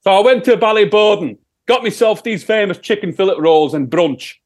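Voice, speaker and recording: A man doing a cocky rock singer, high voice, put-on sheffield accent, crude and boastful. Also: normal speed. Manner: crude, boastful, rambling, swearing a lot.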